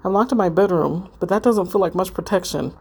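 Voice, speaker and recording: Woman reading a frightened teen girl, tense, lowish voice, plain text-story read. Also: brisk, darkish tone, husky. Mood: scared. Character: frightened teenage girl haunted by ghosts.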